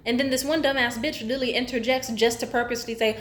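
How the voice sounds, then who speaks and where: A woman's voice: high-pitched, racing, hardly any pauses, a bit bright, roomy sound, slight background noise. A young woman vlogger ranting casually to camera, blunt and profane, jumping from point to point.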